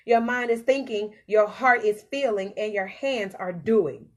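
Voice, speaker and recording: Animated woman giving a motivational talk. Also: mid-range voice, measured pace. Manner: animated, preachy, repetitive phrasing. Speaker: podcast host. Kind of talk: motivational self-help talk.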